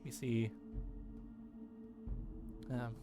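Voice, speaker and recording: A man narrating a role-playing game playthrough, reading text aloud and pausing often with fillers. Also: medium pitch, flat delivery, dark tone, soft background music. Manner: halting, many fillers, reads text aloud. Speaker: let's play host.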